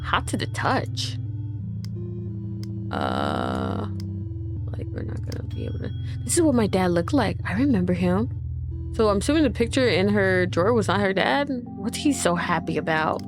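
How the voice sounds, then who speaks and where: A woman's voice: mid-range voice, wildly swooping pitch, moderate pace, over music. A woman casually commenting while playing a video game, reading game text aloud and swearing freely. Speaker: gaming youtuber. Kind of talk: casual let's-play commentary.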